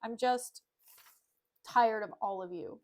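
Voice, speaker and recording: A bossy, short-fused nobleman barks at his servants and calls them names, voiced by a woman. His voice is pitched high and stays light. His tone is impatient and commanding. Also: takes it slowly. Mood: dismissive. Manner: barking orders, impatient. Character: bossy hot-tempered male nobleman.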